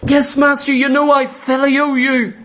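A preacher acting out Peter the disciple, a humble, sorrowful grown man, pitched higher and pleading. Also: level tone, unhurried, a bit bright.

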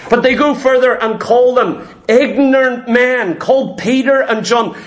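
A man with a notably high voice delivers a sermon. He preaches in an emphatic, repetitive rhythm and stretches out the words he stresses. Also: a little slow.

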